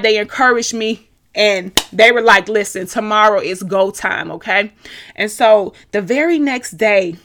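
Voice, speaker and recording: A woman podcast host telling her personal faith testimony to a live online audience, earnest and animated, often restarting her sentences. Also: a little high.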